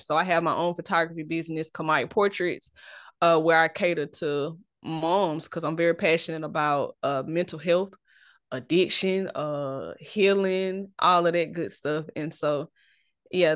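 A woman from southwest Georgia introducing herself on a panel in an unhurried way. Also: lowish voice, fairly bright tone, no room sound, clean studio sound. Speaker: panelist, writer and podcaster.

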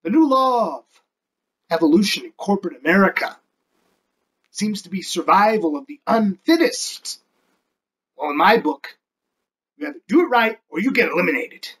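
A performer playing a slick, ruthless male corporate raider who is addressing a shareholders' meeting as an amateur movie monologue. The delivery is a speech that swings between loud, high emphasis and low, whispered lines. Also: big pitch swings, normal speed, long pauses, husky, rough recording. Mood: persuasive.

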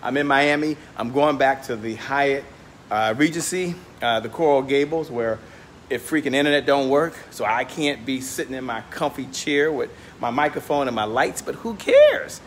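A man's voice: mid-range voice, lively intonation, normal speed, slight background noise. A man hosting a casual livestream vlog, walking outdoors and talking into a handheld phone, upbeat and motivational, a little out of breath. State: slightly out of breath. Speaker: host. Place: outdoors, walking near a hotel. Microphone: phone held in hand.

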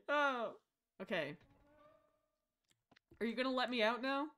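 A woman with a rather high, very lively voice streams a horror game live. She is excitable, shrieking at scares and joking with her viewers in between. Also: unhurried, pauses often.

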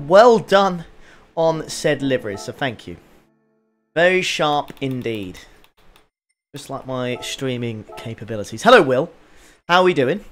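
Guy on a racing stream, voice bouncing all over, bit high, joking and swearing with chat. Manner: excitable, joking, swears freely. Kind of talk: casual live-stream commentary.

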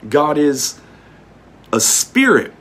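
A man's voice: a little high, very animated, extremely slow, fairly bright tone. A man preaching casually, reading old-fashioned scripture and then explaining it in plain, folksy talk, often repeating words as he goes. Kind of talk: informal scripture teaching.

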